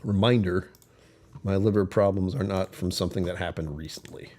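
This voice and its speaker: A man's voice: low voice, fairly quick, dark tone, slight background noise. A man hosting a casual livestream, talking in a rambling, self-deprecating way and laughing often. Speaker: whiskey channel host.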